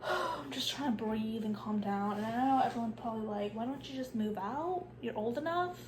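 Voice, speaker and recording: A woman's voice: on the high side, lively intonation, normal speed, heavy background noise. A young woman, sick with a cough and sore throat, chatting casually in a vlog and saying "like" a lot. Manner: chatty, says "like" a lot, drops to a hushed whisper at times. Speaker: vlogger.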